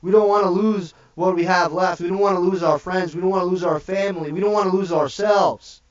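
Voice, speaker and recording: A man's voice: sits high, steady tone, fairly quick. Man ranting intensely on a livestream. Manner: preachy and profane, repeating "okay?" after each point. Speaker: livestream host. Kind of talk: impassioned livestream rant. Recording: dull distant mic.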